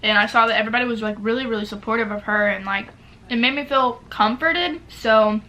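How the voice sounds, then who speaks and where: A nineteen-year-old female YouTuber chats casually through a Q&A while eating at home near a street, talking with her mouth full and using lots of filler words. Her voice is on the high side, brisk, pushed, and bright.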